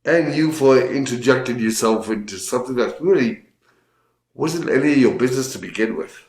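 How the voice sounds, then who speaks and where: Wry man with a lively voice. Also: mid-range voice, fairly quick, roomy sound. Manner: wry, jokey reactions. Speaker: co-host. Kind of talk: casual chat.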